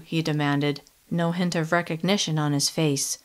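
A woman reading a first-person young adult novel in a steady, measured audiobook narration. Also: sits low.

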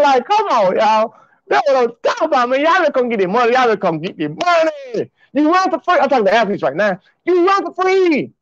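A man hosting a track and field show, talking to his fans in an excited, slangy, repetitive way on a livestream. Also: very high-pitched, dry recording, dull audio. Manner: hyped, hollering, slangy and repetitive.

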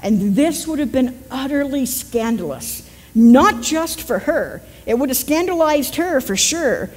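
A woman's voice: high voice, lively intonation, measured pace, a little mellow, long reverb tail. A woman pastor with a West Virginian accent, giving a conversational sermon and joking with her congregation. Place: church sanctuary.

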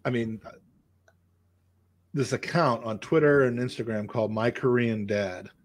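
A man from Virginia, telling a story in relaxed podcast chat. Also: medium pitch, measured pace. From Virginia, United States.

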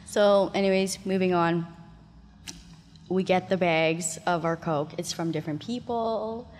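A woman's voice: lowish voice, unhurried, a little mellow. A woman from Canada in her thirties, telling her story as a guest in casual talk, swearing freely and acting out other people's voices. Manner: swears a lot, laughs often, acts out voices in her story. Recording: echoey room with long reverb and faint noise.

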